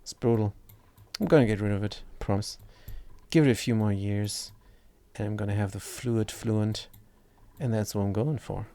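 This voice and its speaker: A young male gaming streamer with a lowish, dark-toned voice talks at a moderate pace while he plays. His accent marks him as a non-native English speaker, and his laid-back commentary is rambling and self-deprecating, full of stumbles and restarted words.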